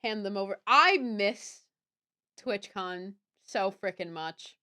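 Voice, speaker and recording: A young woman chatting casually on a live stream, bubbly and swinging between quiet mumbling and squealed greetings. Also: medium pitch, expressive, takes it slowly. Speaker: livestreamer.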